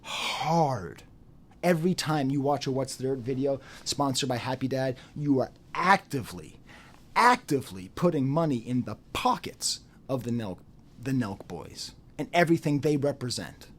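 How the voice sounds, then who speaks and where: A man's voice: mid-range voice, animated, moderate pace. A man giving an unscripted commentary monologue, repeating phrases for emphasis and dropping into mocking quoted voices. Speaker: YouTube commentator.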